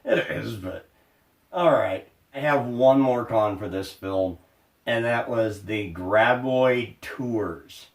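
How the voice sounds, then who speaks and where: A man's voice: fairly low pitch, slow pace, vocal fry. A man co-hosting a casual movie review podcast, blunt and sweary in his opinions. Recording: roomy, distant mic.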